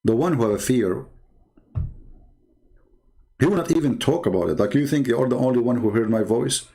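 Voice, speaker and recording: A man's voice: mid-range voice, animated, moderate pace, warm tone. A man, a Christian debater, talking in an earnest, emphatic, casual monologue and often repeating himself.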